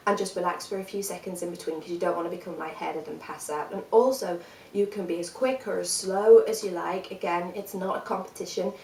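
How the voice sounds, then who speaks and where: A woman teaching a singing workshop, talking the listener through breathing and vocal exercises in a calm, encouraging, step-by-step way. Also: lowish voice, brisk, creaky, reverberant, recorded from a distance, slight background noise, low-quality recording.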